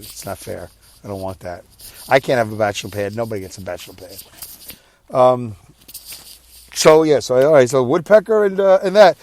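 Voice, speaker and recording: Here a middle-aged man with a mid-range, somewhat mellow voice hosts a casual podcast from his truck as he drives. Worn out and drowsy, he rambles on in a tired, self-deprecating way.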